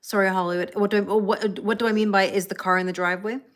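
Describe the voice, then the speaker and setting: A woman's voice: mid-range voice, steady tone, quick pace. A woman reading tarot on a casual live stream, chatting with viewers by name and laughing often. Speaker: tarot reader.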